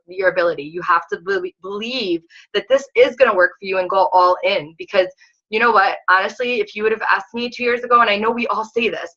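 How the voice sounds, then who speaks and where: A woman health coach giving a motivational talk to her team, telling excited stories, acting out quotes, and filling her speech with "like.". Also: mid-range voice, dull audio. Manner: excitable storyteller, acts out quotes, many "like"s, casual swearing.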